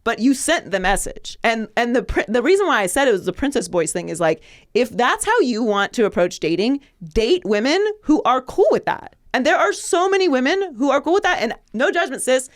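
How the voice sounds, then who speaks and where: A woman's voice: fairly high pitch, sing-song, a little fast. A woman in her late thirties hosting a podcast, talking bluntly in casual chat and swearing freely. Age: 30s. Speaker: podcast host.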